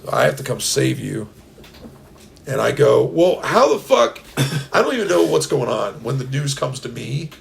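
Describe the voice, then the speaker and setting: A man co-hosting a podcast, telling a rambling comic story in a casual, animated way and slipping into silly voices. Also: mid-range voice, moderate pace, gravelly, a little hiss or hum. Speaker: podcast co-host. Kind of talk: casual comedic chat.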